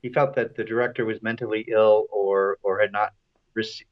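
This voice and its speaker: A man joining a casual film-chat show as a guest, answering in a relaxed, brief and agreeable way. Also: on the low side, normal speed, highs cut off. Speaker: guest co-host.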